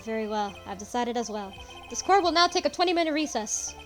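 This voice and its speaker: A woman's voice: fairly high pitch, animated, brisk, fairly bright tone, soft background music. A woman voicing a formal male judge in a courtroom game, making court pronouncements. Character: stern male judge, formal and a bit fussy.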